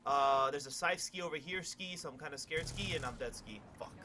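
A young man commentating his own gameplay, cocky and hyped, swearing and yelling out suddenly. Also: fairly high pitch, fairly quick, background noise. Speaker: gaming YouTuber.

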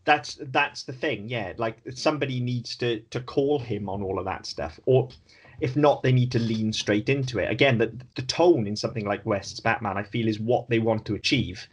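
A man's voice: mid-range voice, normal speed, slightly rough. A man co-hosting a podcast, chatting casually and critically, swearing now and then. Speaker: podcast co-host. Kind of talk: casual chat.

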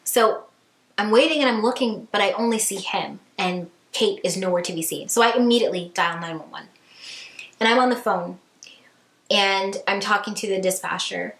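A woman vlogger telling a story in a lively, chatty way, full of fillers and acted-out quotes. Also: medium pitch, a little fast, echoey room. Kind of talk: storytime vlog.

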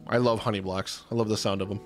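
A man hosting a gaming channel, chatting casually and excitably through his own gameplay and laughing at himself. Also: on the low side, fast, faint music behind. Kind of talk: casual let's-play commentary.

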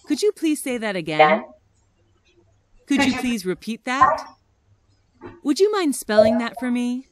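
A woman reading short everyday English phrases one by one for listening practice, with careful, expressive enunciation. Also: fairly high pitch.

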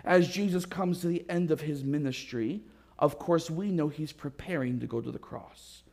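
Pastor guy preaching, kinda high voice, goes loud then real soft telling the story. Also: moderate pace, creaky. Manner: storytelling with dramatic swings in pitch and loudness. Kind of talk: sermon. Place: church sanctuary.

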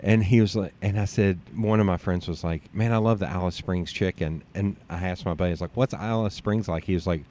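A man's voice: deep voice, brisk, few pauses, a little hiss or hum. A man hosting a podcast, joking around and rambling through anecdotes with the guest. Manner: jokey, rambling, animated storyteller. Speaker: podcast host. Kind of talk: casual interview chat.

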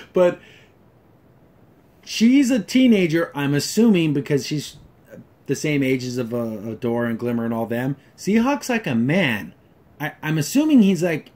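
A man's voice: on the high side, a little mellow. A man hosting a casual episode review, ranting sarcastically and exasperatedly, full of fillers and restarts. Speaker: show reviewer.

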